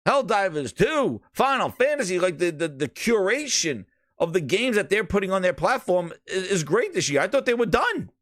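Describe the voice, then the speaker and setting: Animated, profane gaming podcast host. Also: male voice, high voice, moderate pace, no room sound, studio quality. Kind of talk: casual gaming rant.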